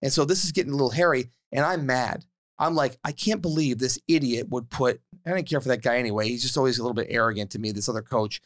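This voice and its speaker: A man in his forties co-hosting a podcast, telling a story in casual chat, repeating words and getting more excited as he goes. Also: very fast. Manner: animated, repeats words and restarts, rises in pitch when worked up. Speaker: podcast co-host and youth basketball assistant coach.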